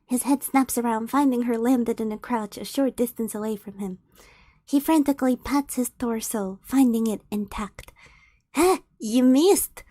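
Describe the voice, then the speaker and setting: A woman's voice: on the high side, moderate pace, dark tone, no echo. A young woman streamer reading fan fiction aloud, with giggly, playful asides to the writer.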